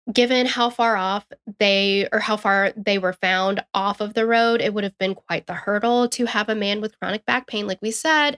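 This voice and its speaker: A woman co-hosting a true-crime podcast, reading the case notes in a steady, matter-of-fact way. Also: medium pitch. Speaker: podcast co-host.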